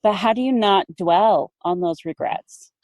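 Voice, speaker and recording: A woman's voice: medium pitch, unhurried, darkish tone, dry recording, highs cut off. A woman hosting a podcast, asking empathetic questions in a conversational way. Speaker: podcast host. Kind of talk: conversational interview.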